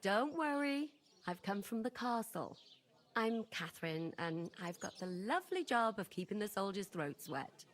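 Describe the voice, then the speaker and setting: An actress playing a sharp-tongued young castle serving woman in a video game, with an accent that is hard to place and a blunt, scolding manner. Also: mid-range voice, expressive, moderate pace, natural voice. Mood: brisk. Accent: shifting, hard to place. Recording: busy tavern crowd behind.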